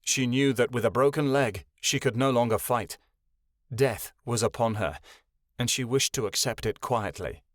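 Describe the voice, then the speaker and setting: A man narrating a fantasy audiobook in a measured, dramatic storytelling way, close to the mic. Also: medium pitch, dry recording. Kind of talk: scripted narration.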